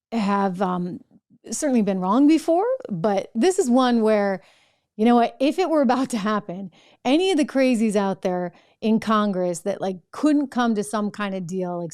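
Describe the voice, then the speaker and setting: A woman's voice: mid-range voice, expressive, moderate pace, a little mellow. A middle-aged woman hosting a political commentary show, talking in a sarcastic, mocking way.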